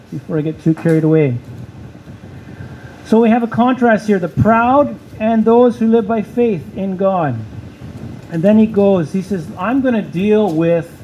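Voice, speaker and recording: A man with a notably high voice preaches a sermon, asking rhetorical questions and driving points home through repetition. The sound is a little muffled, with a faint hum of air conditioning behind him. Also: warm tone. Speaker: pastor.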